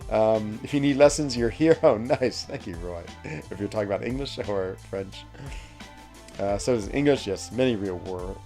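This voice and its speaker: A man's voice: on the low side, mellow. A man hosting a game livestream, chatting casually with viewers in an upbeat way and laughing often. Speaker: game streamer host.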